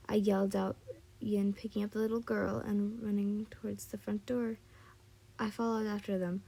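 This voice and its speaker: A woman's voice: mid-range voice, gravelly, mellow. A woman casually reading a fan story aloud, stumbling and apologizing now and then. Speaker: story reader.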